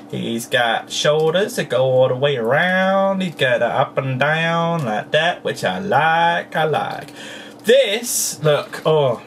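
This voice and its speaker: A toy vlogger talking casually to a camera at home, playful and childlike in grammar, breaking into excited squeals. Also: mid-range voice, far from the mic, slight background noise. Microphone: camera close up.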